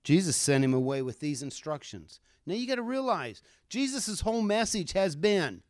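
A male preacher telling a scripture story with a lot of energy, and his pitch sits a little above most men's. The sound is dry and close with no room echo, and he slips into character voices for the quotes. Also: sing-song, moderate pace. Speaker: pastor. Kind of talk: sermon.

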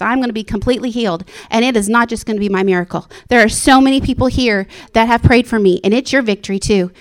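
Woman preaching a sermon, gets really fired up and goes high, whispers the inner-thought bits. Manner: impassioned, rising to high excited exclamations.

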